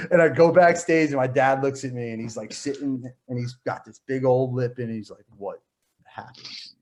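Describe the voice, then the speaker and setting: A man in his thirties, a podcast guest telling stories in a casual, animated way, often laughing and acting out moments. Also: medium pitch, moderate pace. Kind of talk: casual storytelling interview.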